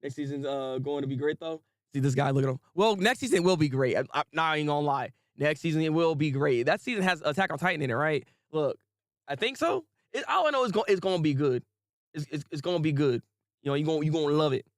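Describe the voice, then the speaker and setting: A young man hosting a casual anime review livestream, talking in an animated way, laughing often and chatting with viewers. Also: fairly high pitch, quick pace, no echo, clean studio sound.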